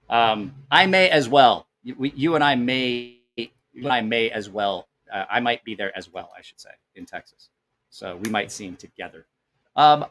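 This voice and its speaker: A man's voice: medium pitch, a bit bright. Rambling, profane man chatting live. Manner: rambling storyteller who swears freely. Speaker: knife channel host. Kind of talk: casual live-stream chat, reading comments.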